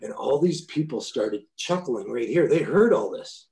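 A man's voice: medium pitch, lively intonation, normal speed, vocal fry, mellow, echoey room. A man in his fifties, a former pro hockey player guesting on a podcast, telling stories in a blunt, profane way with many restarts. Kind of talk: casual storytelling interview.

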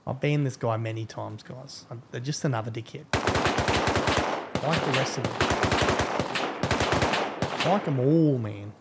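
A man's voice: medium pitch, measured pace, pauses often, very noisy. A young man streaming a game, chatting casually, swearing often, blunt and grumbling between laughs. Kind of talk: casual live-stream chat while gaming.

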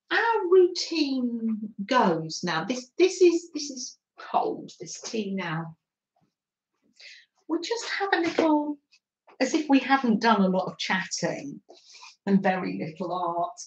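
Middle-aged woman, craft stream host; chatty, gentle, slow, bright-toned. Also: fairly high pitch, low-quality recording. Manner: gentle, chatty, laughs often. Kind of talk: casual live-stream chat.

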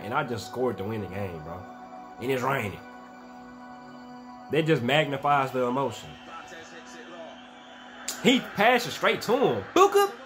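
A young man reacting to sports clips in a loose, slangy way, his voice climbing and dropping all over as he gets hyped. His pitch sits a little high for a man. Faint music plays underneath. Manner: excitable, slangy, shouts and laughs at highlights. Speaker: reaction video host. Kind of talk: casual reaction commentary.

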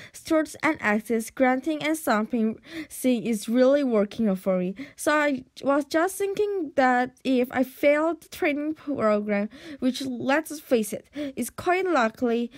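A woman's voice: high-pitched, no echo. A woman reading aloud from a storybook, voicing a nervous, bookish young Viking boy who speaks anxiously and hesitantly.

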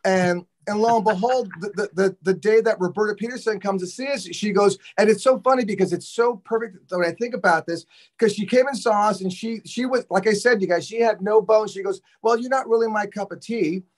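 A man with a fairly high voice tells a studio story in a loose, animated way. He swears freely and acts out everyone's lines as he goes. He is a drummer from Los Angeles, chatting as a guest. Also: a little fast. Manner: animated, profane, acts out quotes. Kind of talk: casual storytelling interview.

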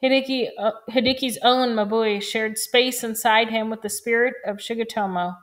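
A woman reading a novel aloud in a calm, even, measured way. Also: fairly high pitch. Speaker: reader.

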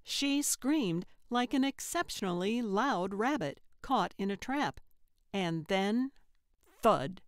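Slow, dry-voiced woman narrating an audiobook. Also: medium pitch, lively intonation, no echo.

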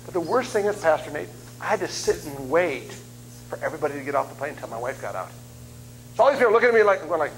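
A man in his fifties preaching as a guest speaker, telling funny stories in an animated, self-deprecating way. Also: on the high side, fast, slight background noise, poor audio. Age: 50s. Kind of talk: humorous sermon storytelling. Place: church sanctuary.

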